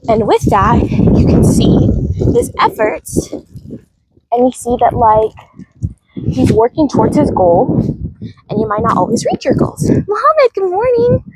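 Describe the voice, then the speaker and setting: A woman's voice: extremely high pitch, big pitch swings, measured pace, gravelly, long pauses, background noise. A woman livestreaming as she walks through a park outdoors, chatting and greeting viewers by name, recorded on a handheld phone. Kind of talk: casual livestream chat.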